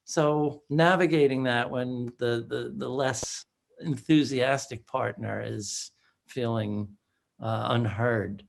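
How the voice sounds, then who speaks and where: A man hosting a podcast works through a long question, full of small hesitations. His pitch is ordinary, neither high nor low. He sounds thoughtful and unhurried in his framing. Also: steady tone, creaky. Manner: thoughtful, hesitant with many fillers. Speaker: podcast co-host. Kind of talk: podcast interview.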